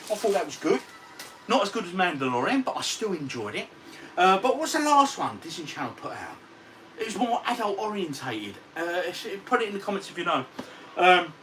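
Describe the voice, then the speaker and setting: A matey man in his forties chats on a livestream from his games room, his voice bright and lively as it swings up and down. He sits some way from the mic, with faint background hiss around him. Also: high-pitched. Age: 40s. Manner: chatty, matey, reads out viewer comments. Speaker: retro gaming vlogger. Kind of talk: casual livestream chat. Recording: distant mic with faint ambient noise.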